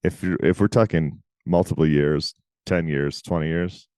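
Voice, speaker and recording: A man co-hosting a podcast in casual chat, talking emphatically with quick asides. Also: extremely low pitch, fairly even intonation, dark tone, no echo. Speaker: podcast co-host.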